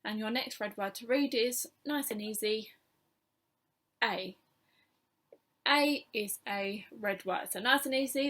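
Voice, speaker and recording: A primary school teacher leads young children through a phonics lesson, patiently encouraging them as she sounds out each letter slowly and clearly. Her voice is fairly high in pitch with a fairly bright tone.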